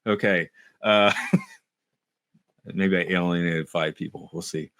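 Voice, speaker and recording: A man's voice: deep voice, fairly even intonation, slow, pauses often, a bit bright, no echo, clean studio sound. A middle-aged man co-hosting a podcast, rambling and self-mocking, with frequent restarts. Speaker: podcast co-host. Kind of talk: casual chat.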